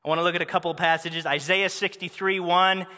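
High bright voiced guy preaching, fervent, repeats himself for emphasis, long hall echo. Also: steady tone, quick pace. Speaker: pastor. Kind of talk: sermon.

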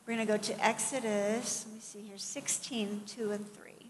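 A middle-aged woman preaching a sermon in a conversational, animated way, with asides and acted-out quotes. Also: medium pitch, normal speed. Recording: long hall reverb, faint background noise.

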